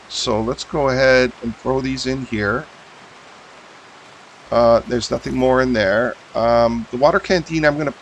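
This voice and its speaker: Man, game streamer, casual commentary, thinking aloud, mid pitch, fillers, faint rain noise. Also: rough recording. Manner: thinks aloud, mumbling fillers while sorting items.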